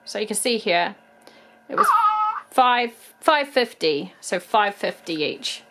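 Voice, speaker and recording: A woman's voice: medium pitch, lively intonation, slow, very noisy. A woman in her thirties with a New Zealand accent, chatting casually and a bit ramblingly as she shows off toy finds. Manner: chatty, rambling, with frequent ums. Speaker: toy collector vlog host. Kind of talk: casual haul video chat.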